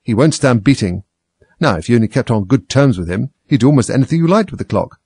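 A man voicing a mad, excitable and contemptuous male hatter in a storybook reading. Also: medium pitch, fast, husky, no room sound, voice pushed up. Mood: lecturing.

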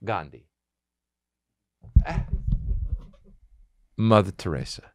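A man hosting a comedy podcast, reacting to a clip with loud, profane, laughing commentary. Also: medium pitch, wildly swooping pitch, slow pace, pauses often, no room sound, studio quality. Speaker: podcast host.

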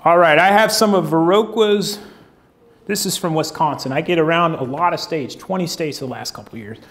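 A high-voiced man preaches a sermon in a folksy, joking way. He keeps turning to the congregation with questions and builds his points around props. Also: moderate pace, a bit bright. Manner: folksy, humorous, asks the crowd questions. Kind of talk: sermon with object lessons. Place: church stage before a congregation.

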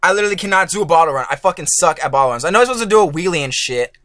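A man doing let's play commentary as a gaming YouTuber, excitable and swearing, yelling at the game and groaning when he fails. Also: a little high, racing, no room sound. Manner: groaning frustration at failures.

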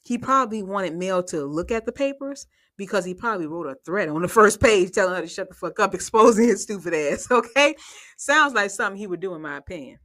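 A woman's voice: mid-range voice, animated, a little fast, a bit bright. A woman giving casual, sassy recap commentary on a reality show, swearing freely, often laughing and talking straight to her viewers. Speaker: reality TV reviewer.

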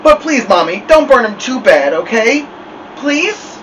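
A small weepy girl, voiced by a man reading aloud, sniffling and begging. The voice sits way up high and jumps around. The mic is a little distant, with faint room hum. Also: sing-song, measured pace, highs cut off, heavily acted. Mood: sobbing. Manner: sniffly pleading. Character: young girl, tearful and pleading.

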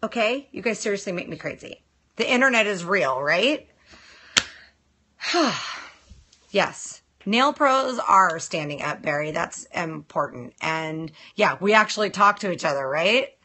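A woman's voice: lowish voice, expressive, a little slow, pushed and bright, breathy edge. Blunt, exasperated woman on a livestream. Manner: blunt and exasperated, addresses viewers and comments directly. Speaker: nail technician hosting a live broadcast. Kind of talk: casual live-stream chat.

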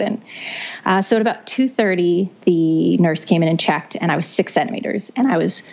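Gravelly young woman, dull lo-fi recording. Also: fairly low pitch, a little fast, darkish tone. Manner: chatty, with frequent restarts and "you know". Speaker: podcast guest sharing her birth story. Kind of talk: casual storytelling. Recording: dull lo-fi audio.

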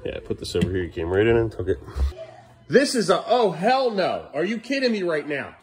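A man's voice: a little high, wildly swooping pitch, brisk, slight background noise. A man filming his kids at home for a vlog, laughing at them and scolding them in turn. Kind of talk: casual home vlog narration.

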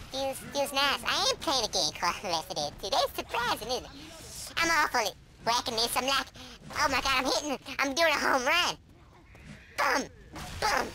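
A shrill, hyperactive boy lurches between frantic shrieks and sudden low mutters. His voice is very high and bright, swinging all over the place. A faint background hiss sits under the game commentary. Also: exaggerated voice, poor audio. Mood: giddy. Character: hyper squeaky young boy, panicky and crude. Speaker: gamer. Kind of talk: comedic let's-play commentary.

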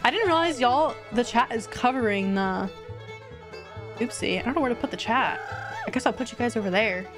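A woman's voice: fairly high pitch, fairly quick, music in the background. A young woman live-streaming a video game, chatting and giggling as she reacts to what happens on screen. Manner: excited squeals at wins.

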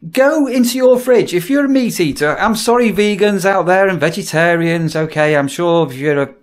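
A man's voice: high voice, moderate pace. A middle-aged British man, a campsite warden, talking casually to his viewers in a rambling vlog, asking them questions as he goes. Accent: British English. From United Kingdom. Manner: chatty, asks viewers questions, repeats words when restarting.

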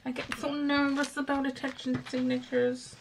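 A woman's voice: high voice, flat delivery, moderate pace. A woman chatting casually through a crafting tutorial, thinking aloud and poking fun at herself as she works. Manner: chatty, self-mocking, thinks aloud while working. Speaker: crafting vlogger. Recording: home recording with clear background noise.

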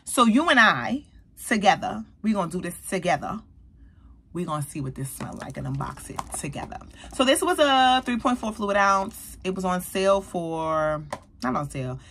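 A woman beauty vlogger, likely in her thirties, reviewing a perfume in an animated, chatty way and talking straight to her viewers. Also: medium pitch, moderate pace, husky. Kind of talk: casual product review.

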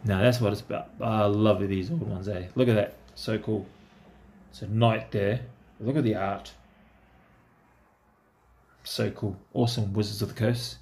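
A man's voice: lowish voice, steady tone, unhurried, vocal fry, long pauses, a little mellow. A man giving casual, chatty commentary to himself as he opens trading card packs. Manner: talks to himself, easygoing and chatty. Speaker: card-opening vlogger.

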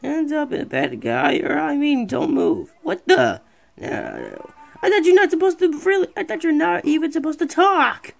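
A streamer giving casual let's-play commentary, excitable and rambling, talking back to the game. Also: high-pitched, moderate pace, vocal fry. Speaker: gameplay streamer.

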